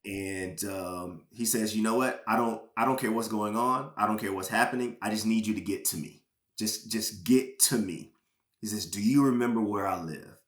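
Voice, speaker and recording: A man from Georgia, a former pro football player, sharing a personal testimony as a podcast guest with earnest, halting emotional storytelling. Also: on the low side, echoey room. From Georgia, USA.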